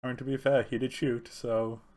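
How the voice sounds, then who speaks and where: Man, medium pitch, casual film chat, animated, laughs often. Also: normal speed. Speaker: podcast co-host.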